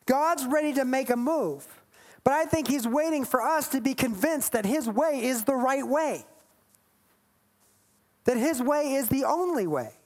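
A woman's voice: high voice, lively intonation, measured pace, a little mellow. A woman preaching a sermon, reading scripture aloud and breaking into emphatic, playful asides.

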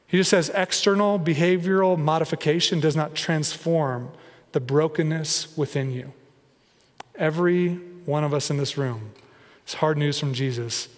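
A male pastor delivers a conversational sermon, his voice sitting a little high for a man. He keeps dropping into animated, playful impressions as he preaches. The sound carries a long reverb from a large church hall. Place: church sanctuary.

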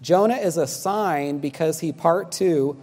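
A male pastor preaching with emphatic, insistent delivery, pressing questions on his congregation. His voice sits a bit higher than most men's. The sound carries a long reverb, like a church hall. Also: a little slow, a little mellow, soft background music. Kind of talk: sermon.

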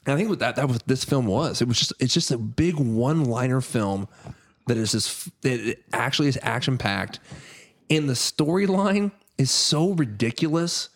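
A man's voice: mid-range voice, animated, normal speed. A man hosting a podcast, chatting casually about a movie, laughing often and swearing freely. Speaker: podcast host.

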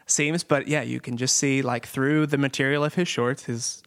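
A male comedian with a gravelly, creaky voice talks through his jokes in a loose, rambling way. He fills his sentences with "like" and "yeah" and breaks into laughter easily, in a relaxed conversational tone. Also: medium pitch, normal speed. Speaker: stand-up comedian guest. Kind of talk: casual conversation about comedy.

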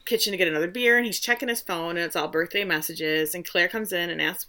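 A woman's voice: fairly low pitch, fast, few pauses, pushed and bright. A woman co-hosting a casual chat, recapping a story with wry, blunt commentary. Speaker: podcast co-host recapping a film.

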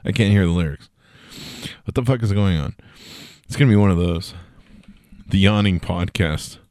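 A man's voice: sits low, moderate pace, a little mellow, no echo, clean studio sound. A man hosting a casual solo news podcast, tired and yawning, rambling with jokes and swearing. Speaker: podcast host.

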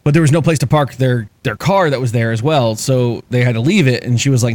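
A man's voice: medium pitch, normal speed, a little mellow. A man hosting a podcast, telling stories in casual chat, swearing and laughing often. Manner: profane, laughing storyteller. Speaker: podcast host.

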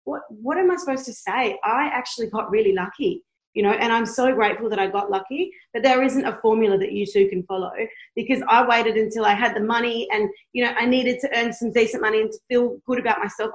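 A woman's voice: a little high, steady tone, quick pace, echoey room, poor audio. A woman in her thirties, a blogger guest talking candidly in a podcast conversation, passionate and blunt, swearing freely. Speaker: guest, blogger who tours.

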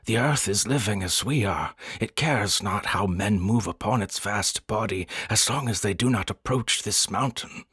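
A man's voice: fairly low pitch, moderate pace, few pauses, a bit bright, slightly rough, no echo, studio quality. A man voicing a solemn, fearful male Arctic guide who speaks in stilted, old-fashioned phrases.

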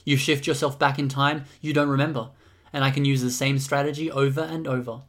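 A man reading aloud and voicing a stubborn, calculating young man who speaks with quiet menace in a storybook reading. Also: mid-range voice, little pitch movement, fairly quick, natural voice. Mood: lecturing. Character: stubborn, cold, calculating young male leader.

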